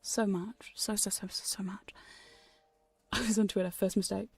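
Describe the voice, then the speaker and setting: A woman chatting in a whispered ASMR livestream, soft and breathy, laughing and swearing casually between close-mic whispers. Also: mid-range voice, flat delivery, normal speed, dry recording. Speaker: ASMR hypnosis streamer. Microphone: studio condenser mic close up.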